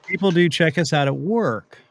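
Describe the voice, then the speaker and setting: A man's voice: fairly high pitch, moderate pace. A man co-hosting a casual live show from his home studio, rambling and joking around. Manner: joking, rambling, tries silly British voice. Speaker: podcast co-host. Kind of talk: casual chat.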